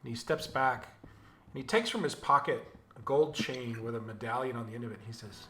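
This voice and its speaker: Relaxed man narrating a tabletop game. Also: medium pitch, fairly quick, faint music behind. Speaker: game master.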